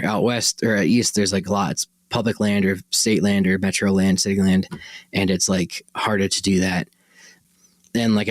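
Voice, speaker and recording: A man's voice: on the low side, no echo. A man hosting a podcast, telling a personal story in a rambling, conversational way and often correcting himself. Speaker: podcast host.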